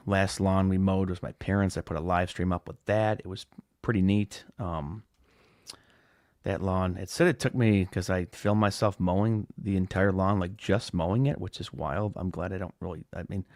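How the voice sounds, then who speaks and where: A man with a very low voice hosts a live-streamed podcast in a relaxed, rambling way, restarting his sentences and filling gaps with "uh" and "like". He sounds dry and close, with no room around him. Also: no echo. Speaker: podcast host. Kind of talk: casual live-stream chat.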